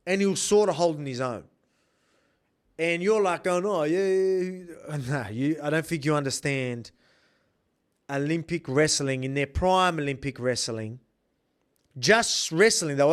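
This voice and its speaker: An Australian man in his thirties talks through a fight in a loose, rambling way, hammering his points home with emphasis. His voice sits a little high for a man. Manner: emphatic and rambling, with many restarts. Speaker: professional fighter breaking down a bout. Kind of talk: casual fight analysis.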